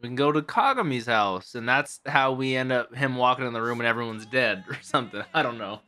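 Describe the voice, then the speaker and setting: A man hosting an anime reaction video, casual and excitable, swinging between loud hype and quiet musing, with some casual swearing. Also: mid-range voice, fairly quick. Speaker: anime reaction channel host.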